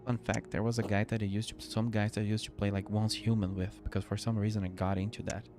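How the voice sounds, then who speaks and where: A man's voice: fairly low pitch, flat delivery, quick pace. Sleepy rambling gamer guy. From Brazil. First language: Portuguese. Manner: rambling, self-interrupting, chatty. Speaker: game streamer. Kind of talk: casual gameplay stream commentary. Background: faint game music.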